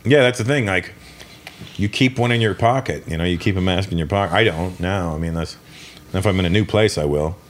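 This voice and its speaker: Profane, blunt man with a low voice. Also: brisk. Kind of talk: casual chat.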